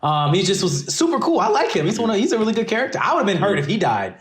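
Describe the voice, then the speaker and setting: A man chatting on a casual podcast from home, talking fast and animatedly and slipping into characters' voices as he retells scenes. His voice sits a bit high, and the room around him is echoey. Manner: animated, acts out characters' lines while retelling. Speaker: podcast co-host.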